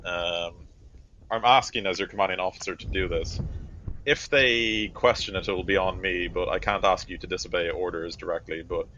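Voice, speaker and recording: A man playing a stern, deep-voiced army captain. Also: steady tone, pushed and bright, muffled recording, a little hiss or hum. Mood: commanding. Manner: measured orders broken by frequent "uh" pauses. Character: stern male army captain, commanding officer.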